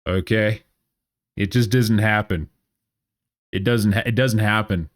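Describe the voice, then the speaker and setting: A man's voice: lowish voice, fairly even intonation, unhurried, dry recording, studio quality. A man in his thirties giving casual gameplay commentary as a streamer, sarcastic, rambling and profane.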